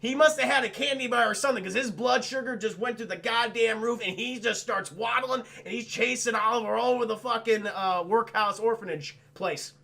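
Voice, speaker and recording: A man's voice: extremely high pitch, brisk, vocal fry, hardly any pauses, pushed and bright. A man streaming a crude, rambling film recap for his chat, full of swearing and mocking impressions.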